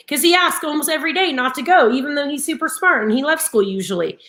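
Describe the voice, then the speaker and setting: Speaking quickly in a high voice, a woman in her thirties co-hosts a casual morning live stream. She narrates stories with animation, alternately frustrated and laughing.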